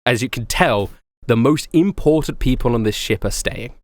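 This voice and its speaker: A man narrating as game master of a tabletop game, animated and laughing often, with many fillers. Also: medium pitch, normal speed, no echo.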